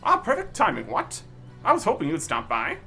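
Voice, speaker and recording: A man's voice: a little high, huge pitch swings, a little fast, vocal fry, sharp tone, soft background music, full character voice. A man voicing a pompous old knight commander in a game, talking in a posh, blustery way. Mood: hearty. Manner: posh, blustery, tacks on "what?".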